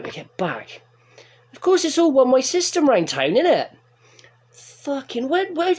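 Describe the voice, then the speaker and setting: A man, telling a sweary, excitable rant to camera as a vlogger. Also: sits high. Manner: sweary, excitable, animated storytelling. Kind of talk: ranting story to camera.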